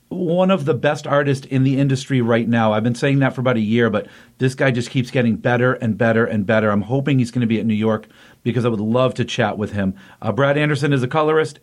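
A man hosting a casual podcast, retelling a comic book plot with rambling enthusiasm and lots of fillers. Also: medium pitch. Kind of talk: casual chat recapping a comic.

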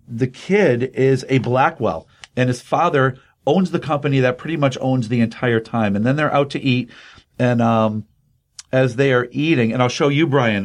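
A man in his fifties hosting a show, casually recapping a comic with lots of fillers and animated storytelling. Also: mid-range voice. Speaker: podcast host.

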